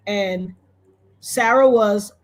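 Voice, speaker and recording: A woman from Trinidad, a guest on a video-call interview, telling a story in an animated way and acting out the voices of other people. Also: drawn-out words. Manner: animated, acts out quoted voices with big pitch jumps.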